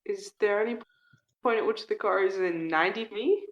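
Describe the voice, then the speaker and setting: A woman's voice: mid-range voice, normal speed, poor audio. A woman playing a tabletop role-playing game, asking about her options and declaring her character's actions with hesitant fillers. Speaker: player. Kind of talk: casual tabletop game play.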